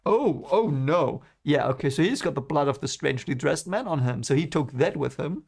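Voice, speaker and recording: A young man with a gravelly, slightly high voice reads a fantasy novel aloud and stops often to muse over it. He rambles, trips over his words and restarts sentences as he wonders what is going on. It sounds like a casual read-along. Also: expressive, fairly quick, darkish tone. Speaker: book reaction reader.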